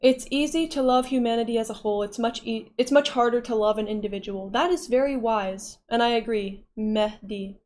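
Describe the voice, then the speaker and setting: A woman's voice: on the high side, a little fast, hardly any pauses, darkish tone. A young woman livestreaming, casually reading and answering chat with playful giggles.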